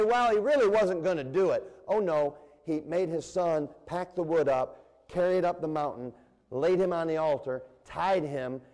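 A male pastor preaching with lively, animated delivery, asking the congregation questions and drawing them in. His voice sits a little high for a man. A long church reverb trails every phrase. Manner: animated preaching with call-and-response and playful voices. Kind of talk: sermon. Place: church sanctuary.

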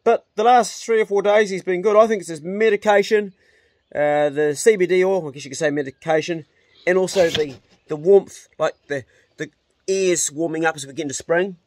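A man's voice: sits high, moderate pace, a little mellow. A man with a New Zealand accent chatting casually outdoors for his homesteading vlog and talking fondly to his dog. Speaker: homesteading vlogger. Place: outdoors on a beach.

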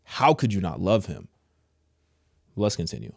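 A man hosting a reaction video talks in a low, deep voice. He sounds bemused and incredulous, and he makes asides and apologies to his viewers. The recording is close and dry, with no room sound. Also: big pitch swings, unhurried, vocal fry, husky, dry recording. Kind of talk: casual reaction commentary.

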